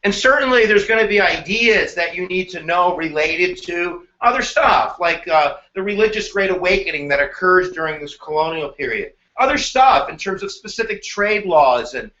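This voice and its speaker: High, bright-voiced animated male teacher. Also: moderate pace, hardly any pauses, roomy sound, muffled recording. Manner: animated, joking, slips into silly voices. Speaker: history teacher. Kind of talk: energetic live exam review.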